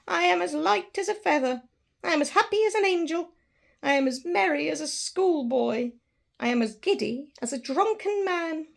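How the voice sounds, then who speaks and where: Scrooge, a woman voicing a giddy, gravelly old man. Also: sits high, expressive, moderate pace. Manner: laughing, exclaiming, breathless with glee. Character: elderly miser turned giddy, overjoyed old man.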